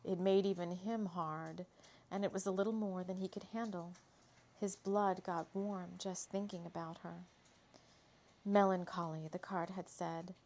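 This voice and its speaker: A woman's voice: medium pitch, a little mellow. A woman storyteller reading a spooky romance story aloud, leisurely and dramatic, with chatty asides.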